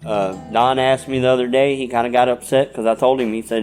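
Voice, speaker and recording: A man's voice: medium pitch, fairly even intonation, fast, hardly any pauses, a little mellow, soft background music. A man in a casual interview, speaking in a guarded and blunt way.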